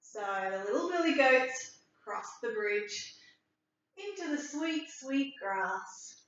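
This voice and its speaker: A woman teacher reading a story aloud and leading a writing lesson for young children, clear and expressive. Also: sits high, slow. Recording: echoey room from far off, dull.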